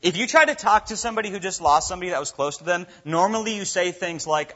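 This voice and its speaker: A man's voice: sits high, expressive, quick pace, hardly any pauses, pushed and bright, lo-fi sound. A man preaching a sermon in a conversational way, with many casual fillers.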